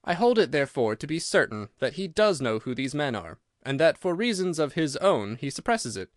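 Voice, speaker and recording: A man reading an audiobook, voicing a cool, incisive detective who reasons in a crisp, assured way. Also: a little high, big pitch swings, brisk, no echo, clean studio sound. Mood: explaining.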